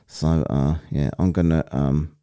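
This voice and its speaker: A man's voice: extremely low pitch, steady tone, unhurried, mellow, clear, resonant tone, no room sound, studio quality. A man hosting a live stream, mocking clips and rambling bluntly as he browses. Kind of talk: casual commentary while browsing clips.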